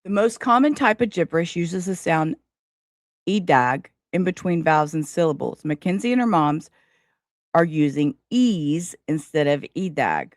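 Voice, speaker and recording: A woman's voice: low voice, animated, moderate pace, no room sound, clean studio sound. A woman hosting a casual true crime live stream, chatting straight to her viewers.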